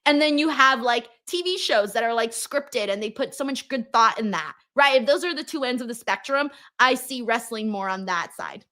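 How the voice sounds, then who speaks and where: A woman co-hosting a wrestling stream in casual chat, animated, laughing often and swearing freely. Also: on the high side, normal speed, few pauses.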